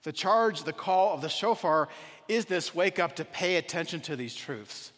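A man's voice: on the high side, animated, normal speed, a bit bright, big-room sound. A man giving a sermon as a rabbi, telling a story and then reflecting on it earnestly.

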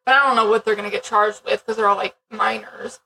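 A woman's voice: medium pitch, fairly even intonation, fast talker, vocal fry, bright, forceful tone, distant mic, slight background noise, low-quality recording. A woman co-hosting a podcast in casual chat, blunt and swearing freely, with rambling asides. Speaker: podcast co-host.

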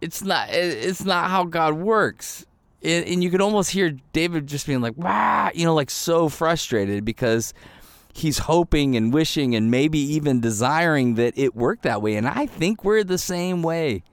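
A man's voice: fairly high pitch, moderate pace, clear, resonant tone, no room sound. Candid, chatty male pastor, dry sound. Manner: conversational and candid, many fillers, acts out little quoted voices. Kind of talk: sermon.

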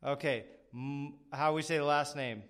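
Rambling podcast host, smooth voice. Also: male voice, fairly high pitch, normal speed, a bit bright. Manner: rambling, self-deprecating, many fillers. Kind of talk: casual interview chat.

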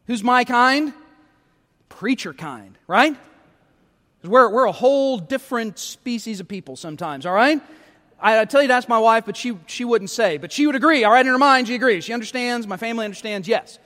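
A middle-aged male pastor preaches with a notably high voice, his words trailing off into the long reverb of the sanctuary. He talks in a conversational, self-deprecating way, often tagging his points with quick questions to the congregation. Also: lively intonation, pushed and bright. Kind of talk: sermon. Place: church sanctuary.

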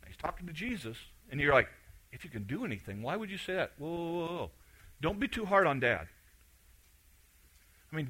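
A middle-aged man preaching a sermon, retelling a scripture story in a conversational, animated way. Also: a little high, poor audio. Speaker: pastor.

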